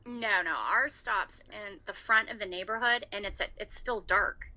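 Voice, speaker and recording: A woman's voice: medium pitch, fairly even intonation, a little slow, sharp tone, rough recording. A woman in her thirties in casual chat, telling a story with animation and swearing freely.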